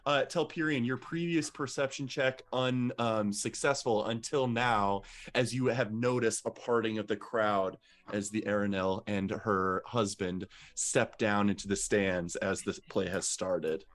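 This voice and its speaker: A man acting as game master, narrating with halting "uh" and "um" fillers. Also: lowish voice, fairly even intonation. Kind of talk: running a tabletop game.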